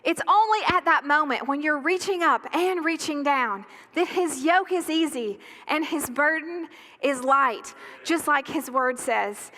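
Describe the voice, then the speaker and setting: A woman pastor preaches from the pulpit of a church sanctuary, her high voice ringing bright and clear. She drives her points home with passion, slowing down and pausing for effect on key phrases. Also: lively intonation. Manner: impassioned, emphatic preaching with dramatic pauses. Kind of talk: sermon.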